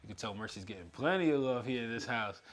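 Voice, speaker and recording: A man's voice: medium pitch, animated, quick pace. A man co-hosting a casual podcast about dog breeding, who talks in an agreeable, easygoing way and often chimes in with short yeses. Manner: agreeable, easygoing, backchannels a lot.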